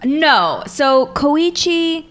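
A woman co-hosting a podcast chat, speaking slowly and deliberately in a fairly high voice. She giggles often between her remarks. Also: sing-song, a bit bright. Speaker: podcast co-host. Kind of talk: casual chat.

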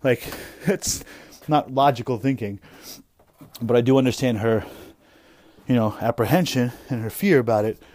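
Young dad rambling and swearing in the woods, mellow low-key voice, keeps trailing off. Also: male voice, normal speed. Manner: rambling, profane, trailing off and restarting. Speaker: vlogger and parent. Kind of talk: casual monologue while walking outdoors. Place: woods outdoors.

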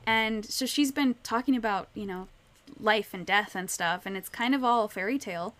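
A woman's voice: medium pitch, moderate pace. A woman in a casual book discussion, retelling scenes with lots of "like" and "you know.". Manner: animated storyteller, retelling scenes with many "like"s.

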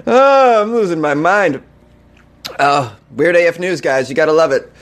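A man's voice: fairly high pitch, animated, normal speed. A man hosting a comedy news segment, mocking the stories with incredulous remarks and frequent laughter.

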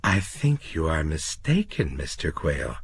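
Man doing a coy, breathy receptionist. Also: very deep voice, big pitch swings, unhurried, dry recording, full character voice.

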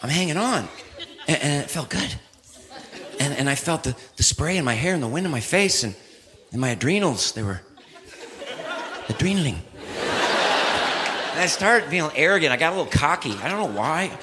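A man performing stand-up comedy, telling a story in an animated, exaggerated and self-mocking way. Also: a little high, moderate pace, long pauses, crowd noise. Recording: live venue with laughing audience and noise.

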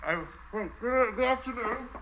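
An actor playing a nervous, frightened sea captain who stammers and hesitates, in 1940s radio acting. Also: male voice, very high-pitched, normal speed, a crowd in the background. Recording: dull old radio recording.

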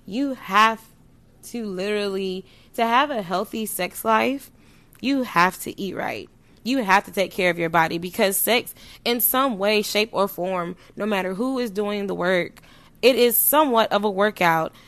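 A woman talking straight to her viewers as a vlogger, blunt and playful with plenty of slang and swearing. Her voice sits at an ordinary middle pitch. She swings from soft asides to loud, emphatic bursts. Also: a little slow. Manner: animated, sudden jumps in loudness. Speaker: vlogger giving sex advice. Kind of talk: casual chat to camera.

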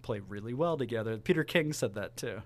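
A man co-hosting a casual sports podcast, excitable and jokey, often breaking into laughter. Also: mid-range voice, a little fast. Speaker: podcast co-host.

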